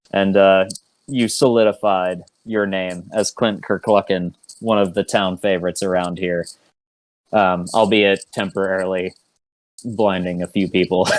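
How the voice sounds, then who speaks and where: Game master guy, lowish voice, dry close sound, lots of ums and laughs. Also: no room sound. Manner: relaxed, filler-heavy, laughing asides. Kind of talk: narrating a tabletop game online.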